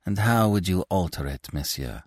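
A man's voice: sits low, animated, normal speed, a little mellow, breathy edge, dry recording, studio quality. Man voicing a sarcastic young actress. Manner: sleek sarcasm. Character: scornful young woman actress, sleek and sarcastic.

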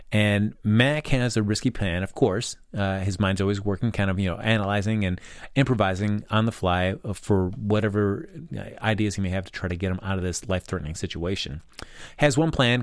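Man, lowish voice, dry close sound, casual rambling episode recap. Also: no room sound. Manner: rambling, many fillers and restarts.

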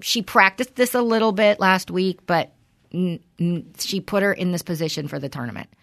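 A middle-aged woman with a fairly low voice tells a story in a loose, conversational way. She is blunt and swears freely, and she vents her frustration as she hosts her podcast. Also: normal speed, vocal fry, a bit bright. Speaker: podcast host. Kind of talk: casual chat.

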